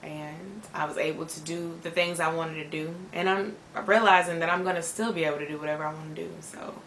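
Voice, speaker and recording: A woman's voice: sits low, fairly even intonation, a little fast, fairly bright tone. A young woman vlogger telling a personal story straight to her viewers in a candid, chatty way. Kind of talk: storytime vlog. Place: at home, indoors. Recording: echoey room with faint noise.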